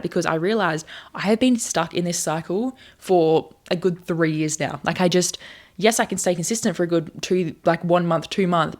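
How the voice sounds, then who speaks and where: A young woman in her twenties talking candidly to camera in a confessional vlog, earnest and rambling as she reflects on herself. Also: lowish voice. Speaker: content creator.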